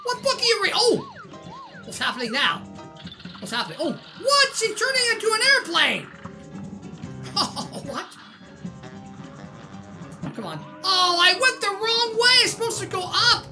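A woman hosting a gaming channel, giving excitable, exclaiming let's-play commentary as she plays. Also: very high-pitched, unhurried, pauses often. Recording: game music under voice.

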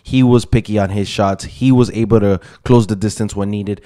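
A man's voice: fairly low pitch, steady tone, normal speed, dark tone. A man giving a casual, opinionated breakdown of fight results, chatty with frequent ums and asides. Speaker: MMA YouTuber.

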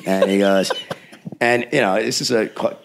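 Deep gravelly man telling a story. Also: measured pace, slight background noise. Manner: animated storyteller, acts out quotes; frequent filler words and restarts. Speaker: film industry veteran guest. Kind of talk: casual anecdote on a podcast.

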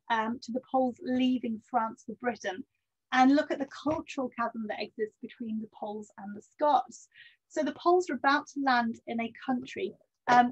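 A woman's voice: fairly high pitch, highs cut off. A woman researcher giving a history lecture, hesitant with many ums and self-corrections, and dropping wry asides.

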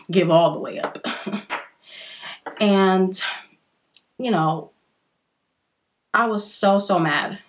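A young woman chats through a get-ready-with-me vlog. Her voice sits a little low, and she talks in an expressive, confiding way, straight to her viewers. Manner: chatty and expressive, addresses viewers as y'all. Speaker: beauty vlogger. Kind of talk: casual get-ready-with-me chat.

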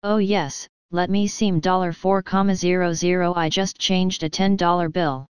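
A woman reading the lines of a fretful, flustered male royal treasurer in her own low, very smooth voice. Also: flat delivery, normal speed, dry recording, close to an everyday voice. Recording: dry, slightly dull lo-fi.

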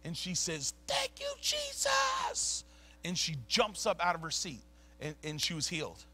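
A man preaching a sermon, telling stories in casual slang and swinging from low mutters to loud bursts. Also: normal speed. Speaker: pastor. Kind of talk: sermon storytelling. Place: church sanctuary.

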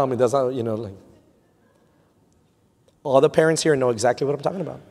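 A man in his thirties with a Texan accent, preaching a sermon as pastor, swinging from quiet storytelling to loud peaks and slipping Spanish phrases into English. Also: mid-range voice, fast, vocal fry. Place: large church sanctuary. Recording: long hall reverb.

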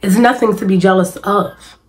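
A woman's voice: mid-range voice, fairly even intonation, moderate pace, a little mellow, poor audio. A woman vlogger, venting emphatically and repetitively in casual talk to camera.

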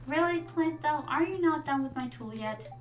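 A woman's voice: sits high, animated, normal speed, recorded from a distance, slight background noise. A woman streaming a farming game, chatting casually and calling her viewers darlings. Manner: chatty, reads game lines aloud, addresses chat as darlings. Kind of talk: casual gameplay chat.

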